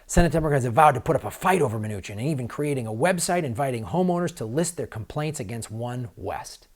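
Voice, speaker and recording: A man hosting a political commentary show, ranting angrily and sarcastically, mocking politicians and swinging from loud outbursts to low mutters. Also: expressive, quick pace. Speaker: comedian and political commentator host.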